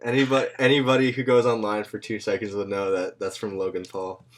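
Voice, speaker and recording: A man's voice: on the low side, level tone, fairly quick. A man hosting a podcast in loose, slangy casual chat, swearing freely and laughing often. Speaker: podcast host.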